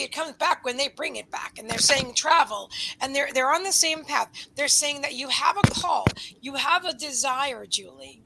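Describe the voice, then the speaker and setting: Bright high-voiced woman giving a psychic reading. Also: vocal fry, slight background noise, low-quality recording. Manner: rambling, self-interrupting, drops into soft asides. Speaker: psychic reader. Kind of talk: live psychic card reading.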